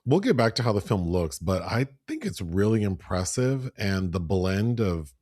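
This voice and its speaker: A man co-hosting a podcast, casually retelling a film's plot and mimicking characters in higher voices. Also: normal speed, no echo, studio quality. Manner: animated, breaks into high voices when quoting. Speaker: podcast co-host. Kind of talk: casual film review chat.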